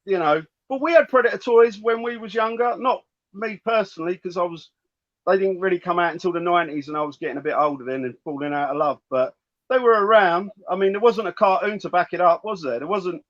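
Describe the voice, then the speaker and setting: A man's voice: high voice, fairly quick, no echo. A man chatting casually as a guest about toys, speaking freely and swearing now and then. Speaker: guest toy collector. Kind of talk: casual chat. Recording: dull lo-fi audio.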